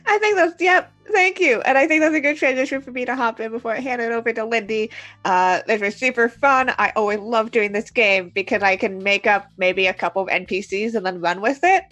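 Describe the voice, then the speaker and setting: A woman, the game master of a tabletop game stream, chatting quickly and laughing, swearing casually. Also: fairly high pitch, fairly bright tone, no echo, faint music behind. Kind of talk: casual wrap-up chat.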